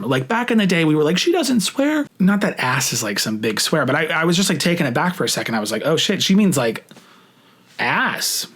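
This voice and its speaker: A young man vlogging, telling a story in casual talk, swearing freely and acting out what people said. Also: on the high side. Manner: animated, swears freely, acts out quoted lines.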